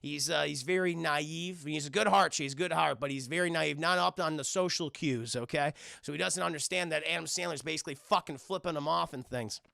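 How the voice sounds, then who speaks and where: A man's voice: a little high, brisk, creaky, few pauses, pushed and bright, dry recording, studio quality. A man casually reviewing a film on a livestream, rambling, swearing and often addressing his chat.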